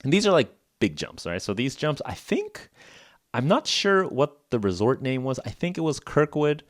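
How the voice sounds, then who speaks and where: A man's voice: medium pitch, big pitch swings, moderate pace, no room sound, studio quality. A man hosting a podcast for English learners, telling a story casually in simple words, with lots of "like" and frequent chuckles. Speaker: podcast host.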